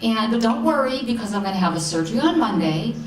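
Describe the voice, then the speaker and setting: A woman voicing her young adult daughter, recovering from surgery, in a soft, subdued way. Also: a little high, sing-song, fast, background noise. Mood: breezy. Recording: roomy hall sound, distant mic.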